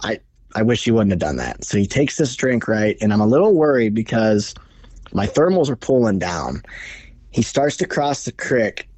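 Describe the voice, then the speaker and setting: A man who is a podcast guest, telling a bowhunting story in a casual, animated, profane way. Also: fairly low pitch, no room sound. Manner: animated, profane, fast retelling.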